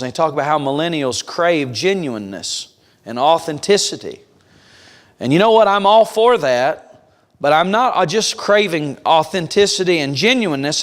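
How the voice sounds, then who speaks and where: A man preaching at a revival, telling stories with punch and speaking straight to the pews. His voice sits fairly high for a man. Long reverb from the church sanctuary trails every phrase. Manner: emphatic, storytelling, direct address to congregation. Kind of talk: sermon.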